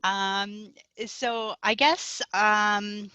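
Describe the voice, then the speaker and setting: A woman's voice: mid-range voice, steady tone, extremely slow, sharp tone, clear, resonant tone, no room sound, dull audio. A woman talking earnestly about her stress through a headset on a video call. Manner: earnest, speaks of feelings. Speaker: customer service worker. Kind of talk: casual chat on a video call.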